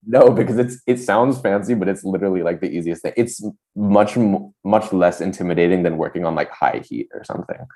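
A man's voice: low voice, brisk, few pauses, warm tone. A young man co-hosting a podcast, talking in a hesitant, self-deprecating way with many fillers, his voice sometimes cracking upward. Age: young adult. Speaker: podcast co-host. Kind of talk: casual chat.

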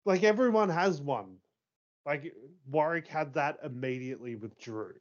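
An excitable man in his thirties chats casually as a co-host, swearing and laughing between thoughts. He talks in an unhurried, drawn-out way. The sound is dull and lo-fi. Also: fairly high pitch. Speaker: podcast co-host. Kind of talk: casual chat.

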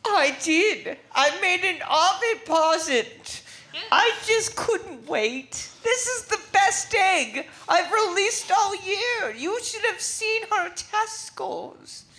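A woman's voice: very high voice, expressive, slow, sharp tone, full character voice. A woman playing an eager, doting young wife in an improv comedy scene, giggly and coaxing.

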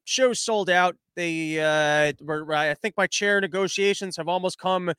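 High-voiced man rambling through a crude comedy bit. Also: unhurried, sharp tone, clear, resonant tone, no room sound. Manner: rambling, crude, self-interrupting. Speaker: comedian host. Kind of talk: comedic podcast monologue.

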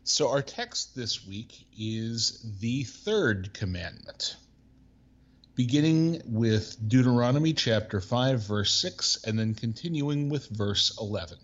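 Slow, measured man reading scripture. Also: mid-range voice, lively intonation, muffled recording. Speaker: pastor and podcast co-host. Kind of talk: podcast talk and scripture reading.

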